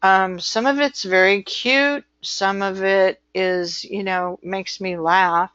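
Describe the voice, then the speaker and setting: An American woman lectures in a relaxed, rambling way, peppering her talk with ums and "you know." Her pace is unhurried and deliberate. The recording is dry and a little muffled. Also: mid-range voice, clear, resonant tone, no echo. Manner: chatty, filler-heavy, slow and deliberate. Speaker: instructor.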